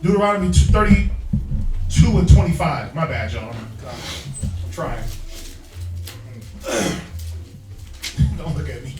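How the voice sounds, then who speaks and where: A man teaching from the Bible in an emphatic, slangy street style, prodding his reader with quick call-and-response. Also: on the high side. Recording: echoey room, distant mic, faint music.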